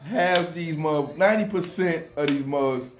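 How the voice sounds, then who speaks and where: A man co-hosting a podcast, speaking bluntly in with rough, profane phrasing. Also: a little high, normal speed, soft background music. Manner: blunt, profane street talk. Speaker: podcast co-host. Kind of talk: casual podcast chat.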